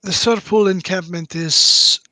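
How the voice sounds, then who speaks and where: A man voicing a gracious traveling woman who speaks slowly and formally. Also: high-pitched, fairly even intonation, bright, forceful tone, no room sound, voice pushed up, full character voice. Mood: reassuring. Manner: slow, formal and lofty.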